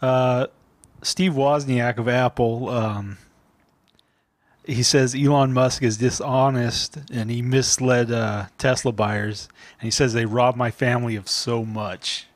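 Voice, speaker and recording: Man, podcast co-host, relaxed chat, slight chuckles, dry recording. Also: medium pitch, takes it slowly, no echo. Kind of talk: casual comedy podcast chat.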